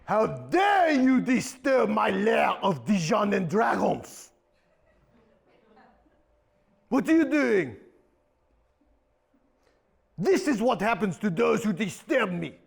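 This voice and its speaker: A man's voice: high voice, sing-song, takes it slowly, gravelly, slightly rough, exaggerated voice. A man voicing a pompous villainous diva sorceress, on a theatre stage. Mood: outraged.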